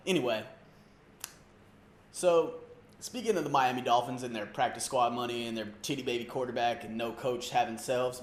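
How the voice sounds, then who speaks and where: A man hosting a comedic sports rant, loose and slangy, mocking and rambling. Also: medium pitch. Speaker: comedy sports show host. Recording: roomy echo.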